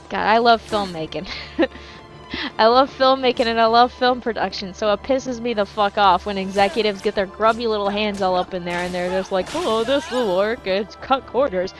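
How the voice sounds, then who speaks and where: A woman's voice: medium pitch, moderate pace, soft background music. A woman chatting casually while gaming, rambling and swearing freely in a jokey put-on accent. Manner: jokey put-on East Coast-style accent. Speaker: gaming streamer.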